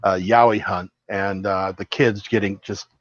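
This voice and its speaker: A man's voice: on the low side, fairly even intonation, a little slow, no echo. A man co-hosting a podcast, talking in a rambling, hesitant way with many restarts. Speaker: podcast co-host. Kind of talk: casual podcast chat. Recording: dry, dull lo-fi audio.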